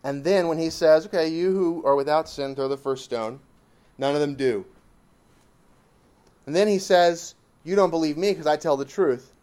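An emphatic man preaching a sermon with a fairly high voice. He repeats lines for weight and builds to loud exclamations. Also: normal speed.

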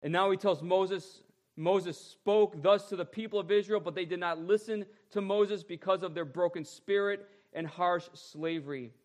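A man preaching a sermon as a pastor, drawing out repeated phrases and moving between loud stresses and quiet asides. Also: high-pitched, fairly even intonation. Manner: emphatic, drawn-out repeated phrases, shifting between loud and soft.

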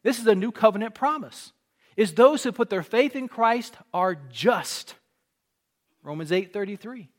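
A man's voice: high-pitched, expressive, measured pace. A man preaching a sermon, explaining scripture in an earnest conversational way and rising to emphatic peaks on key points.

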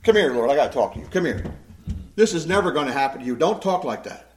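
A man's voice: high voice, big pitch swings, normal speed, slight background noise, pitched above the performer's own voice. A man playing an emphatic, impulsive fisherman. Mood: urgent. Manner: pleading and emphatic. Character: earnest, impulsive adult male fisherman disciple.

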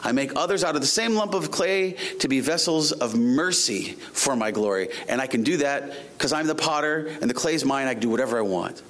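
A man's voice: mid-range voice, a little fast, hardly any pauses, fairly bright tone. Man preaching a fervent sermon. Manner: reads scripture aloud, then preaches with rising emphasis. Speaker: pastor.

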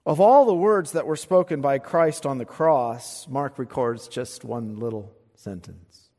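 A man preaching an expository sermon, swinging from quiet, low asides to loud, fervent recitation of scripture. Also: animated, measured pace, few pauses. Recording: long hall reverb.

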